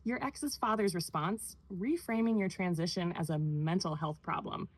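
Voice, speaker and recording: A synthetic woman's voice giving a measured, clinical analysis in the manner of a therapist. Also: fairly low pitch, rough recording. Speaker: AI therapist-style responder. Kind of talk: clinical analysis read aloud.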